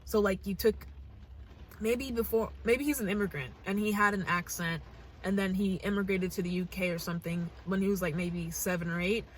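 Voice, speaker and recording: A woman's voice: mid-range voice, fairly even intonation, brisk, a little hiss or hum. A young American woman hosting a reaction channel, talking to camera in a casual, earnest, gushing way and thinking aloud with restarts. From United States.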